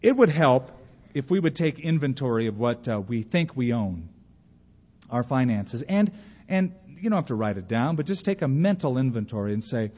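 A man's voice: medium pitch, very animated, normal speed, a little mellow, slightly rough. A man preaching a sermon in a folksy manner, acting out the voices of the people he quotes. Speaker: pastor. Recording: dull, long church reverb.

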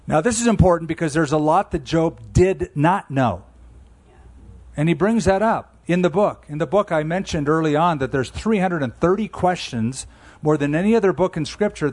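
Emphatic preaching man, somewhat high voice. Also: darkish tone. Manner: emphatic, conversational preaching with slowed key phrases. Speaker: pastor. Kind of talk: sermon.

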